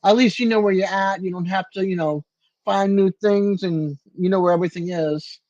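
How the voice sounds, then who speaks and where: High-voiced older man chatting on a livestream. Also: steady tone, moderate pace, a little mellow, no room sound, lo-fi sound. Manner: chatty, reads and answers viewers by name. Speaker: livestream host. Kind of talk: casual livestream chat. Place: his apartment.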